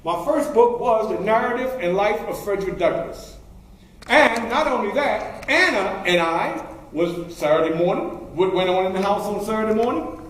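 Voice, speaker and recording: A man's voice: sits high, slight background noise. A man performing a historical figure in first person, telling his life story in a folksy way and quizzing the audience. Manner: folksy, asks the audience questions. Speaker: historical reenactor. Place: library event room. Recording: very echoey room, faint ambience.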